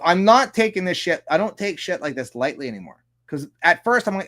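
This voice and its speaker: A man's voice: fairly high pitch, big pitch swings, a little fast, few pauses, bright, forceful tone. A man hosting a political commentary show, reading news articles aloud and breaking off with sarcastic, profane asides. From Canada. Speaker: host.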